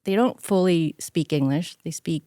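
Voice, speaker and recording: A middle-aged woman telling personal stories in an interview, animated and acting out the voices of the people she quotes. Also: lowish voice, normal speed, no echo, clean studio sound. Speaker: interview guest. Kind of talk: conversational storytelling.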